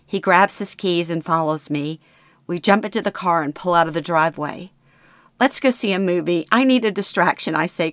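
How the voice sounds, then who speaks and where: A middle-aged woman reads her own memoir in a steady, plain storytelling manner. Her voice sits low, and the recording is close and dry with no room in it. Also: dry recording. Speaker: memoir narrator. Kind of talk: first-person memoir reading.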